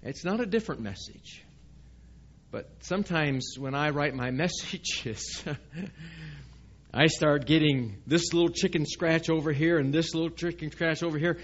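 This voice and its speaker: A man's voice: fairly high pitch, a little slow, muffled recording. A man preaching a sermon to his congregation in a church, speaking conversationally and often asking the listeners questions. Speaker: pastor. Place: church sanctuary.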